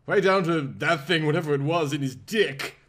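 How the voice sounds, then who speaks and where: A man's voice: fairly high pitch, moderate pace, a bit bright. A man reading a comic parody story aloud in a melodramatic, mock-passionate narration.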